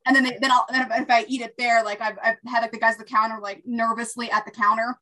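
A woman guest on a podcast, telling quick lively anecdotes in casual chat. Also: on the high side, low-quality recording. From Long Island, New York area.

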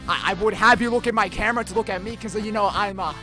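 A man hosting a let's-play reaction, jokey and excitable, breaking into shouts. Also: high-pitched, brisk, faint music behind. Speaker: gaming channel host.

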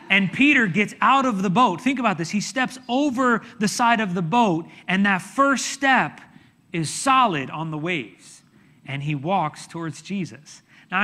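A man preaching a sermon as pastor, telling the story dramatically with sudden shouts and hushed asides. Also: sits high.

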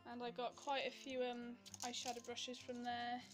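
Giggly high-voiced Welsh woman vlogging. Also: monotone, normal speed, music in the background. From Wales. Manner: chatty and giggly, rambling with fillers. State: a little out of breath. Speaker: beauty vlogger. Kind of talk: casual chat to camera.

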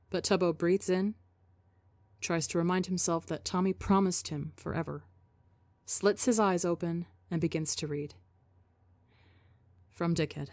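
A woman narrating a story in a steady scripted storytelling manner for a podcast. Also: lowish voice, dry recording.

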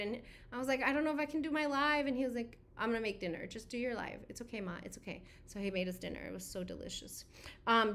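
A woman's voice: fairly high pitch, a bit bright. A woman hosting a live beauty stream, talking to her chat in a chatty, rambling way full of "like". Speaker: beauty livestream host. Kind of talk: casual livestream chat.

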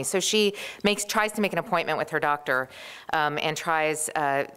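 Low, smooth-voiced woman pitching a story. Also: fairly bright tone. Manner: halting, with many fillers. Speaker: workshop participant presenting a group story. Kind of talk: casual spoken story pitch. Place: conference workshop room.

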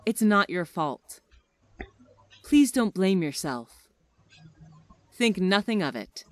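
A woman slowly reading everyday English phrases one at a time for learners, with a deliberate teaching delivery. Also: mid-range voice, big pitch swings.

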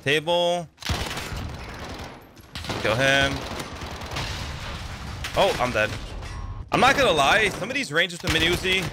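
A young man giving live commentary over his own shooter gameplay, talking in a loose, excitable way, swearing now and then and yelling when the fighting heats up. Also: a little high, measured pace, pauses often, background noise. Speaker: gaming YouTuber. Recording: gunfire sounds behind the voice.

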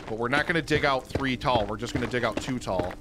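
A man hosting a gaming channel, chatting casually and excitably through his own gameplay and laughing at himself. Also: mid-range voice, fast talker, heavy background noise. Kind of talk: casual let's-play commentary.

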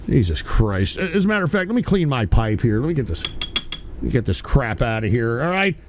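A man's voice: mid-range voice, big pitch swings, brisk, background noise. A man hosting a casual live stream, talking in a profane, brash and rambling way. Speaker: host.

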